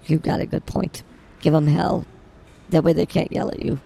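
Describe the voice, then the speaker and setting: A man's voice: on the high side, fairly even intonation, moderate pace, creaky, dark tone, husky. A man co-hosting an improvised comedy podcast in a grocery store, blustering with mock-angry threats. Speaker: podcast co-host.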